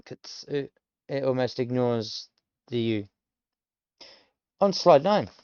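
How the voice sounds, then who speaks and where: Slow, deliberate British man in his thirties. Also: mid-range voice, animated, darkish tone, smooth, no room sound, highs cut off. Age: 30s. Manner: rambling, explanatory, with many ums. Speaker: language learner streamer. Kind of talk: casual self-study commentary.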